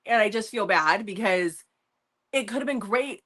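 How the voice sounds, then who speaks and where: A woman co-hosting a book review show, talking in an animated, rambling way and laughing often. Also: medium pitch, normal speed, husky. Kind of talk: casual chat.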